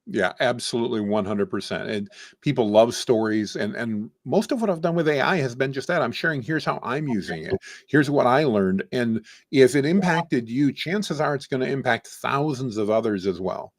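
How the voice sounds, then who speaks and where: Man, interview guest, dry close sound, animated storyteller. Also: medium pitch, moderate pace, dry recording. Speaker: guest, AI trainer.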